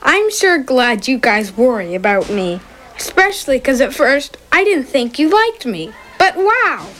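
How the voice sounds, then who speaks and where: Sarcastic cartoon schoolboy, high, lively, dry. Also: female voice, a little slow, exaggerated voice. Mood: wry. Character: wry young schoolboy with new braces.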